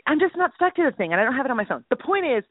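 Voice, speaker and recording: A woman's voice: sits high, racing, dry recording. A woman co-host chats in a loose, joking, rambling way, her voice swinging up and down a lot. She sounds thin and tinny, like she is on a phone line, with no room sound at all. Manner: animated, jokey, rambling. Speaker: podcast co-host. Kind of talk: casual faith chat. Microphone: phone call.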